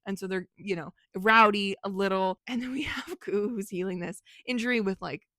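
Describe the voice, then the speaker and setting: A woman author talks through her work in a loose, rambling vlog chat, filling her sentences with "like" and breaking into laughs. Her voice sits at a middle pitch, and the recording is dry and close with no room echo. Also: normal speed, sharp tone. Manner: rambling and chatty, heavy on "like", laughs often, swears freely. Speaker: author and book vlogger. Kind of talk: casual vlog chat about her writing.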